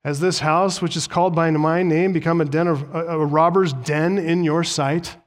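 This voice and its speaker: A man's voice: on the high side, fairly even intonation, moderate pace. A man delivering an expository sermon as pastor, earnest and emphatic, reading scripture with rising force.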